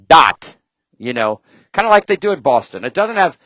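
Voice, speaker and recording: A man talking as a guest in casual chat, rambling from point to point with quick asides and jokes. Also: on the high side, very animated, a bit bright, dry recording, rough recording.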